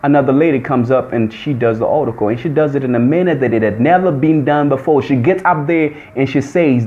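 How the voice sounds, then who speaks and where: A man's voice: mid-range voice, a little fast, few pauses, dark tone. A man telling a personal testimony in an emphatic, repetitive storytelling manner. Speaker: testimony speaker. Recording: dull lo-fi recording.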